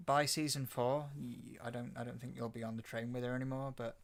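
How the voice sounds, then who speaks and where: A man's voice: mid-range voice, steady tone, brisk. Chatty man co-hosting a podcast. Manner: chatty, lots of fillers, acts out lines from the show. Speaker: podcast co-host. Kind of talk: casual chat about a TV show.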